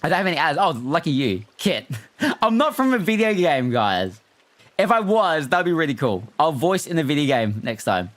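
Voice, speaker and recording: A non-American man streams live, chatting casually and animatedly with viewers and reading their messages aloud. His voice is a little high and sing-song, moving at normal speed.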